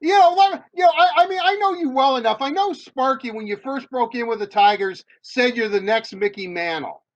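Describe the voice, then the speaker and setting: A man's voice: very high-pitched, brisk, lo-fi sound. A man hosting an interview, leading into his questions in a familiar, rambling way. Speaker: host, interviewer. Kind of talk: casual interview.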